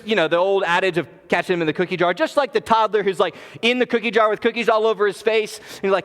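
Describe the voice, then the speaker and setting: High-voiced pastor preaching earnestly. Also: male voice, quick pace, hardly any pauses, a bit bright. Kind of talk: sermon. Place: church sanctuary. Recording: long church reverb.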